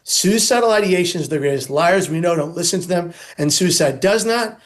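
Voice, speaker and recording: A man's voice: high-pitched, animated, fairly quick. A man speaking as an interview guest on suicide prevention, earnest and emphatic, stacking points into insistent lists.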